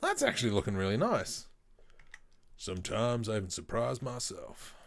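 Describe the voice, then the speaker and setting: A man's voice: lowish voice, huge pitch swings, normal speed, vocal fry, slight background noise. A man in his thirties, casually rambling to viewers while working through a 3D modeling livestream. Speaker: 3D artist streaming.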